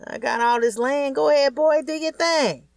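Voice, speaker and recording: A woman's voice: fairly low pitch, normal speed, dry recording, clean studio sound, lightly acted. A woman voicing a boastful older rich man who teases and jokes in a cocky drawl, in an audiobook. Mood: teasing.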